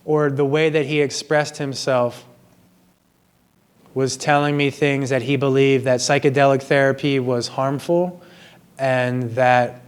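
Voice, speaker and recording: A man speaks in an earnest, apologetic way, slow and measured, as he reflects on his own mistakes. His voice sits in a middle pitch. He is recording in a gym. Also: steady tone, clean tone. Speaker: vlogger sharing personal confessions. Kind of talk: reflective personal monologue.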